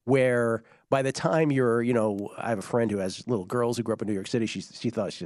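A man co-hosting a casual sports chat, voice hoarse and giving out, talking in a conversational way and explaining background. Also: medium pitch, brisk, few pauses, a little mellow, dry recording, studio quality. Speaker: podcast co-host.

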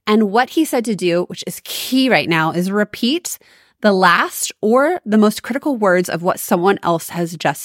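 A woman's voice: mid-range voice, a bit bright, no echo, studio quality. A woman hosting a solo podcast, giving upbeat, emphatic coaching advice on sales calls. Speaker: podcast host.

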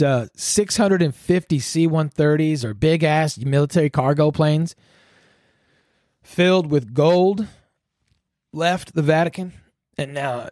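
A man's voice: fairly high pitch, darkish tone, dry recording, clean studio sound. Profane rambling male podcast ranter. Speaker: podcast host. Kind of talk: solo ranting commentary.

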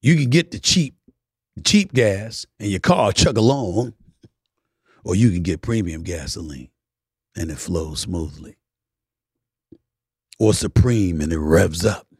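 A man hosting a podcast in a casual monologue, emphatic, swinging between loud preaching and low murmurs, now and then singing bits of old soul songs. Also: lively intonation, takes it slowly, long pauses, slightly rough, no echo, studio quality. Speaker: podcast host.

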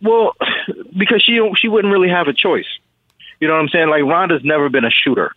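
A man's voice: a little high, brisk, no room sound. A man calling in as a guest fight coach, brash and trash-talking in a casual interview. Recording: tinny phone line.

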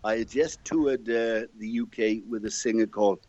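A man's voice: lowish voice, normal speed, darkish tone, no room sound, muffled recording. An older Welsh man chatting as an interview guest, telling jovial stories from his past. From Wales. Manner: chatty, jovial anecdote teller. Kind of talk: casual interview storytelling.

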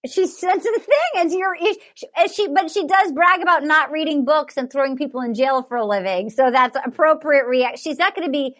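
A woman co-hosting a podcast, casually recapping a dating show in an animated, rambling way with lots of swearing and filler words. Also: high voice, moderate pace, hardly any pauses, dry recording. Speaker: podcast co-host.

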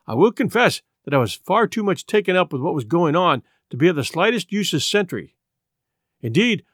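A man narrating an adventure novel in expressive scripted storytelling. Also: a little high, dry recording, studio quality. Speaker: audiobook narrator.

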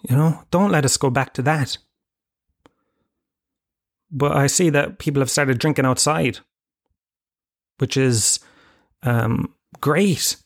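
A man's voice: medium pitch, slow pace, creaky, pauses often. Irish guy ranting alone on his podcast, swears a lot, pokes fun at himself. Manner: rambling, profane, self-mocking. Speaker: podcast host. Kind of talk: casual solo monologue. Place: home room with bookshelves.

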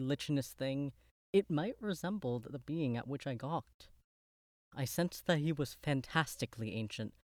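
A man gives measured, literary first-person narration of a gothic horror tale. His voice sits at a middling pitch. The recording is close and dry. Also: dry recording.

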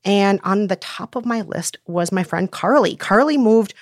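Chatty woman co-host, enthusiastic casual storytelling, mid pitch, dry close-mic sound. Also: normal speed, no echo. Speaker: podcast co-host.

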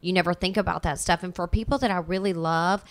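A woman with a slightly low voice talks in a casual chat. She rambles in an earnest, self-reflective way as she works through her thoughts. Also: steady tone, fast talker.

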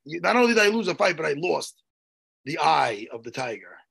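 A man co-hosting a podcast in casual banter, animated and joking, swearing freely. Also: fairly high pitch, normal speed, vocal fry, over a noisy crowd. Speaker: co-host.

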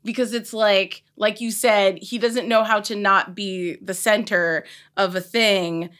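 Bright-voiced chatty woman. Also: medium pitch, steady tone, measured pace. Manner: chatty, laughs often, says "like" a lot. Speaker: podcast co-host. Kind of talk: casual chat.

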